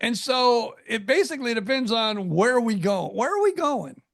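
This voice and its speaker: A man's voice: very high voice, lively intonation, normal speed. A man co-hosting a podcast, talking in an easygoing, rambling and joking way. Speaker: podcast co-host. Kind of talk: casual chat.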